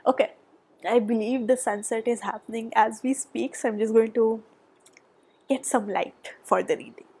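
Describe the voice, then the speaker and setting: A woman giving a tarot reading, gushing and excitable, often dropping to a soft whisper, a little out of breath. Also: a little high, normal speed, gravelly, husky. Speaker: tarot reader. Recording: background noise.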